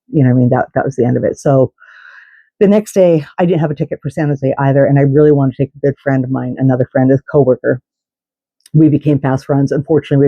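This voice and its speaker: A woman's voice: a bass voice, warm tone, no echo, dull audio. A woman vlogger telling a story in a casual, indignant way, swearing and restarting her sentences.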